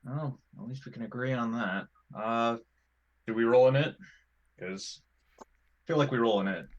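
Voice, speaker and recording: A man's voice: mid-range voice, normal speed, muffled recording. A man playing a tabletop game, joking wryly and swearing casually. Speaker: player.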